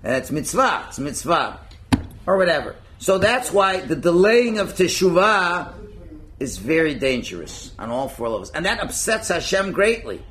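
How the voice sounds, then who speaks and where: A man teaching a religious class in a lively, conversational way, acting out little scenes and chuckling at his own points. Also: fairly high pitch, normal speed, a little hiss or hum. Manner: animated, acts out quotes, chuckles at own points. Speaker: Torah teacher.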